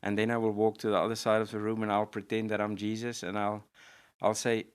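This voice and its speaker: A man's voice: on the low side, monotone, quick pace, smooth. A man, a pastor, earnestly telling a personal testimony in conversation, with frequent restarts. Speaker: pastor and guest.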